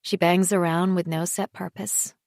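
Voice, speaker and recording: Quiet woman narrating an audiobook. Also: little pitch movement, vocal fry, dry recording, studio quality. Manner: quiet, measured, low in the tags. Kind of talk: scripted narration.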